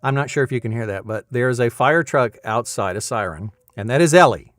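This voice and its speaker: A man's voice: medium pitch, lively intonation, brisk, a bit bright, dry recording. A man in his fifties, a voice actor hosting his weekly vlog from his insulated home booth, chatting casually and slipping into playful game-show hype. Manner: playful, chatty, breaks into mock announcer hype. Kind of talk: casual chat with a hammy game-show giveaway.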